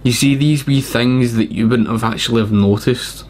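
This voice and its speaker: A man's voice: mid-range voice, fairly even intonation, moderate pace, darkish tone, a little hiss or hum. A man with a Scottish accent giving a rambling, emphatic monologue that explains things and repeats points, as a vlogger. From Scotland.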